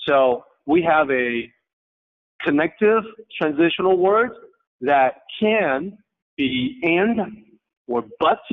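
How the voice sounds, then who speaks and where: Patient male teacher over a tinny line. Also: fairly high pitch. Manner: patient, explanatory, halting phrases. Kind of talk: online class lecture.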